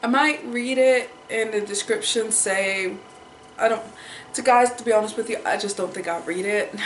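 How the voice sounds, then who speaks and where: A woman's voice: on the high side, moderate pace, slight background noise. Young woman, personal vlog, upset and near tears, repeats herself; roomy echo on the recording. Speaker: vlogger.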